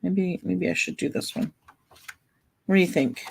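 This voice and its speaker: A woman vlogger chatting in a relaxed, meandering way, thinking aloud while she colors. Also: on the low side, normal speed, vocal fry, husky, poor audio.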